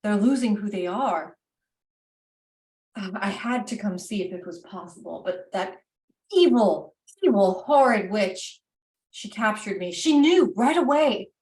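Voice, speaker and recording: A woman's voice: medium pitch, expressive, unhurried, a little mellow, close to an everyday voice. A woman voicing a grateful, formal male wereraven winemaker, recorded roomy and from a distance. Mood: earnest. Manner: polite, formal and heartfelt.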